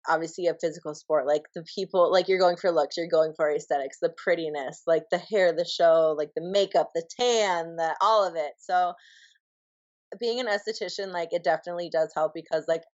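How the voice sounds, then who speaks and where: A woman's voice: lowish voice, fairly quick, a little mellow. A woman with a Minnesotan accent, a podcast guest talking casually and chattily. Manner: chatty, full of "like" fillers. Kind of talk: casual interview chat. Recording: dull lo-fi sound.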